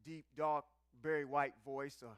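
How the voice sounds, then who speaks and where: A man leading a live-streamed scripture teaching in a playful, animated way, calling out to the people in the room. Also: fairly high pitch, measured pace, clean tone, no room sound, clean studio sound. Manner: animated, playful, calls out to the audience.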